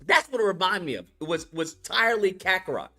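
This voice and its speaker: A man with a high, bright voice gives a casual, rambling movie review rant, swearing freely and restarting his sentences. Faint music plays underneath. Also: sing-song, fast talker. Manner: rambling, profane, frequent restarts. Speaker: animation YouTuber.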